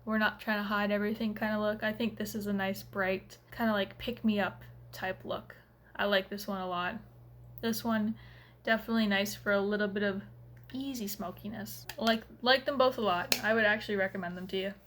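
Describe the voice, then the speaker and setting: A woman's voice: medium pitch, steady tone, moderate pace, fairly bright tone, slight background noise. A woman chatting through a casual makeup review at home in a rambling way, full of fillers. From Canada. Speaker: beauty vlogger.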